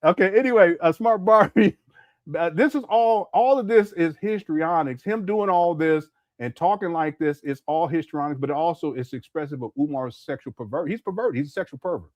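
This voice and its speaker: A man's voice: fairly high pitch, normal speed, a little mellow, no echo. A man commenting casually on a live stream, laughing often and mocking what he plays.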